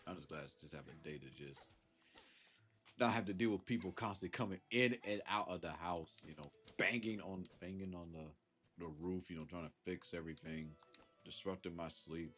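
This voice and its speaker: A man's voice: low-pitched, fairly quick, a bit bright, faint music behind. A man with a Southern US accent, chatting casually on a live stream and thanking chatters, sounding congested from a sinus infection. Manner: laid-back, chuckles often, thanks chatters.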